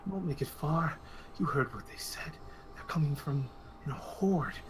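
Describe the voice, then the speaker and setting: A man voicing a steady, protective young male soldier who talks in a hushed, earnest way. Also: a little high, moderate pace, noisy background, close to an everyday voice. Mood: grim.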